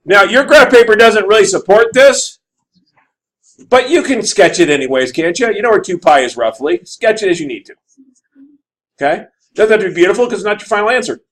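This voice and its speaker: A man's voice: sits high, brisk, low-quality recording. A man teaching a math class, working through graphs aloud and checking in with students. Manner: animated, asks the class for checks. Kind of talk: classroom lecture.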